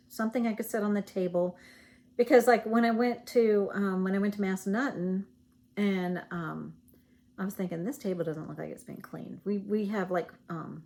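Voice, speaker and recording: A woman's voice: mid-range voice, a little mellow. Chatty Southern woman showing her stitching haul. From Virginia, US. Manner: chatty, rambling, with fillers and self-corrections. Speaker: cross-stitch vlogger. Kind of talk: casual show-and-tell chat.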